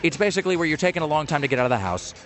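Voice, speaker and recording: A man's voice: a little high, big pitch swings, rapid-fire, fairly bright tone, soft background music. A man casually telling a long story on a podcast, rambling with lots of fillers and restarts.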